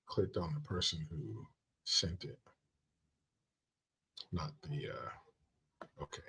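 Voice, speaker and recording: A man's voice: very deep voice, lively intonation, slow, creaky, pushed and bright, breathy edge. Blunt, profane male commentator. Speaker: commentary show host. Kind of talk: opinionated talk-show commentary.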